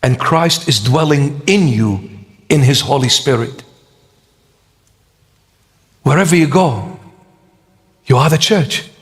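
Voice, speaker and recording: A man's voice: mid-range voice, lively intonation, takes it slowly, long pauses, long reverb tail. A man preaching a sermon with emphatic rhetorical questions.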